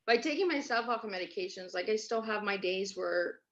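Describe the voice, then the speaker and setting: A Canadian woman, a podcast guest on a remote call, tells her personal story earnestly and emphatically, repeating herself for stress. Her mid-range voice is expressive and a little fast, and the remote audio is dull and lo-fi.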